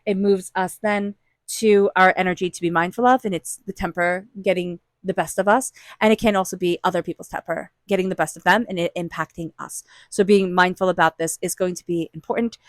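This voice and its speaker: A woman's voice: lowish voice, fairly even intonation, brisk, no echo, studio quality. A woman giving an earnest, encouraging tarot reading and acting out inner voices as she speaks. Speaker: tarot reader.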